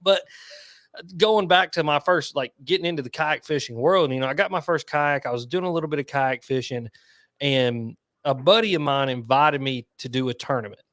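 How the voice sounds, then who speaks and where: A man hosting a casual fishing podcast from home, telling lively stories and laughing as he talks. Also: fairly high pitch, normal speed, no room sound, studio quality. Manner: animated storyteller, laughs while telling stories. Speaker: podcast host. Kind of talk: casual chat.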